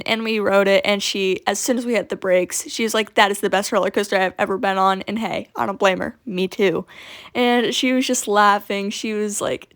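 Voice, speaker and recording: A woman's voice: mid-range voice, clear, resonant tone. A teenage girl telling a casual storytime as a vlogger, chatty and full of "like.". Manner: chatty, peppered with "like". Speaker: coaster vlogger.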